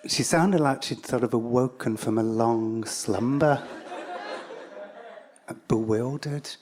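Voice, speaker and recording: English man, live storyteller, wry and self-mocking, mid-pitch voice. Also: slow pace, crowd noise, noisy background. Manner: wry, self-deprecating, stop-start phrasing.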